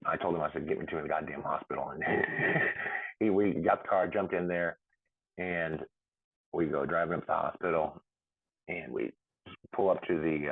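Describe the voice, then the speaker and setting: A man's voice: a bass voice, vocal fry, husky. A middle-aged man, a podcast guest, telling his near-death story in a rambling way, with many fillers and restarts and laughs between lines. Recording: tinny phone-like line.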